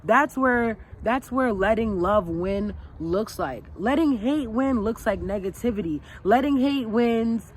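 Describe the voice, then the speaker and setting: A woman's voice: fairly high pitch, unhurried, hardly any pauses, a little hiss or hum. A woman vlogger giving casual, emphatic advice to camera, repeating her points in a preachy way. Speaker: lifestyle vlogger. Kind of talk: casual motivational talk to camera.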